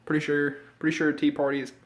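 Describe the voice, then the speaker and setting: His voice is a little high and monotone, and he speaks a little fast. A young American vlogger, he rambles through a casual opinion rant, cursing often and losing his train of thought, sounding short of breath and somewhat sick.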